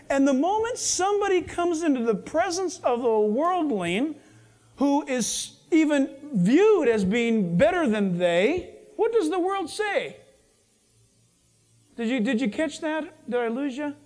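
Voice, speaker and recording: A man's voice: extremely high pitch, big pitch swings, unhurried, a little mellow. A man preaching a sermon in a conversational, jokey way, acting out dialogue as he teaches.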